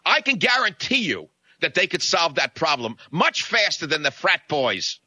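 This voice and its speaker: Bright, dry-voiced ranting radio host man. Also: on the high side, sing-song, normal speed, no echo. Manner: ranting, sarcastic, indignant. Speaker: radio talk show host. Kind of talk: combative radio talk show monologue. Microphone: studio broadcast microphone.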